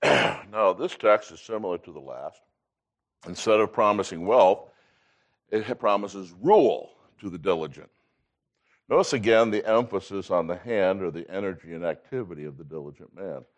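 A man in his sixties teaching a Bible class, emphatic, reading scripture aloud and often clearing his throat. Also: low-pitched, lively intonation, normal speed.

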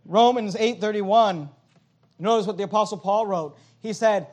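A male preacher with a high voice delivers an evening sermon. He reads scripture aloud and poses questions to his listeners, then answers them. His delivery swings between loud emphatic bursts and quieter asides. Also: moderate pace.

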